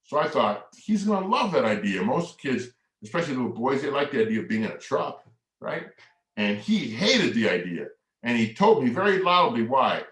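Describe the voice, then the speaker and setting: Animated male workshop storyteller, echoey room. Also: mid-range voice, moderate pace. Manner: animated storyteller who acts out quotes and leads the audience in movements. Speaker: workshop presenter for families.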